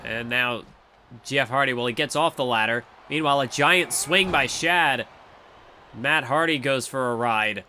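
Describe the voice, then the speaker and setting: A young man doing play-by-play commentary over a wrestling video game, excitable and rambling, often correcting himself mid-sentence. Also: mid-range voice, measured pace, slight background noise.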